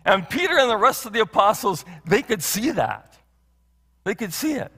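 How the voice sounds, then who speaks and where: High-voiced male pastor preaching. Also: very animated, normal speed, bright, forceful tone, husky. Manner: earnest, repeats phrases and asks rhetorical questions. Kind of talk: sermon. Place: church sanctuary. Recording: long hall reverb.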